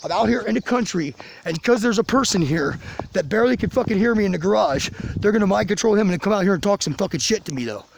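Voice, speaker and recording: A man's voice: sits high, lively intonation, quick pace, gravelly, a little hiss or hum. A man on a profane drunken rant, swearing constantly and rambling angrily to the camera of his own video channel. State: drinking, tipsy. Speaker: vlogger ranting to his channel. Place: outdoors in the country near a garage.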